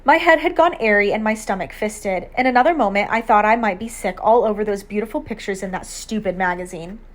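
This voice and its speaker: Woman narrating a first-person audiobook. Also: mid-range voice. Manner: measured, storytelling delivery.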